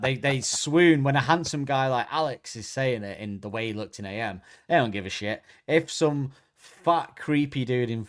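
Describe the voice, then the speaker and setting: A man's voice: mid-range voice, lively intonation, measured pace. A man co-hosting a podcast, chatting casually and rambling, often restarting sentences and searching for words. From Britain. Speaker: podcast co-host. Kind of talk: casual chat.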